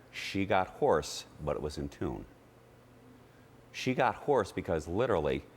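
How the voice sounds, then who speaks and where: Very deep-voiced male voice teacher. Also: a little hiss or hum. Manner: explanatory, demonstrating vowels. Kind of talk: TV interview, explaining with sung demos.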